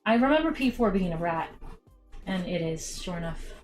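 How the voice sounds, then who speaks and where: A woman's voice: lowish voice, expressive, normal speed, faint music behind. A young woman hosting a casual cosplay crafting stream, talking straight to her viewers with plenty of ums as she works. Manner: chatty, talks to viewers as "you guys", many ums. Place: home craft room.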